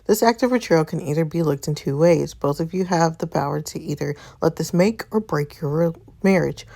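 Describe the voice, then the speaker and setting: A woman reading the lines of a calm, professional female marriage counselor in a story game. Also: low voice, gravelly. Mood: measured. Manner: measured, advising.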